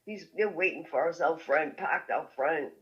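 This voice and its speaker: A woman's voice: deep voice, moderate pace, dull audio. Woman guest telling a story with lots of laughs. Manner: lively, laughing often, full of restarts. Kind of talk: telling a story in a podcast interview.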